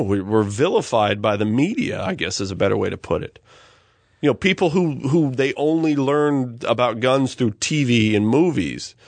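A man co-hosting a podcast in casual chat, talking in an animated, ranting way and laughing easily. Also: mid-range voice, no room sound. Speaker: podcast co-host.

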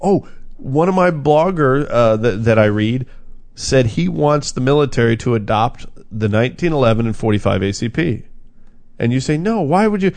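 Male podcast host, gravelly voice, relaxed chat. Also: mid-range voice, moderate pace.

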